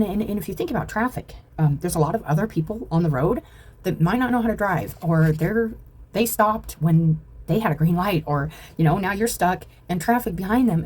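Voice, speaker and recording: A woman's voice: deep voice, mellow, breathy edge. A woman giving a casual, meandering spiritual reading, reflective and full of fillers. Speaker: spiritual reader.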